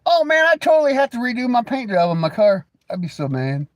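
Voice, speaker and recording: A man's voice: very high voice, moderate pace, a little hiss or hum. A man hosting a casual livestream, rambling, joking, laughing often and teasing viewers with crude banter. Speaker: livestream host.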